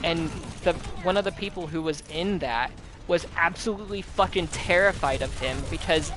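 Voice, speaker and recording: A man's voice: fairly high pitch, moderate pace, noisy background. A young man chatting casually while gaming, rambling with lots of fillers and frequent swearing. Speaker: gaming channel host.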